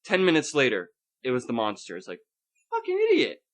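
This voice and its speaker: Fast-talking and mid-range in pitch, this man hosts a podcast and goes on an animated, profanity-heavy rant in casual chat about his night at the movies.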